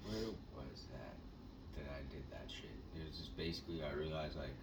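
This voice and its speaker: A man co-hosting a casual podcast, telling an animated, profane story and acting out what people said. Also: very deep voice, a little fast, creaky. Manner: animated storyteller, acts out quotes, swears. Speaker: podcast co-host. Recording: echoey room, mic at a distance, faint noise.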